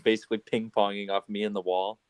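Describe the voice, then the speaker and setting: A man's voice: fairly low pitch, little pitch movement, fast, darkish tone, clean tone. A man chatting on a casual podcast, teasing the others in a wry way. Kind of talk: casual chat about sim racing.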